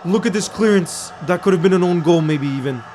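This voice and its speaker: A man's voice: high voice, a little fast, a little mellow. Chatty man hosting a football watchalong. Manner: chatty, reads out viewer chat, slips into French phrases. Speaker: host of a live match watchalong stream. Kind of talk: casual live watchalong commentary.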